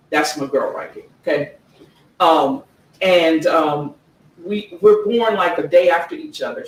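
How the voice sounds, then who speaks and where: A woman author presenting her own book, reading passages aloud slowly and earnestly and checking in with listeners with "okay?". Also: low-pitched. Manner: earnest, slow emphatic reading, frequent "okay?" check-ins. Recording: echoey room, distant mic, faint background noise.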